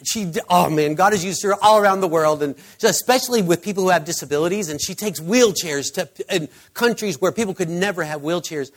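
High-voiced man preaching a sermon. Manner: halting, restarting, emotional storytelling that turns soft in prayer. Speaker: pastor. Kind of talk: sermon with storytelling and prayer.

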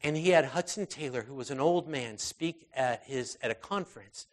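A man preaching an informal sermon in a conversational way, full of fillers and restarts, moving between raised intensity and quiet, soft passages. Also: medium pitch, normal speed.

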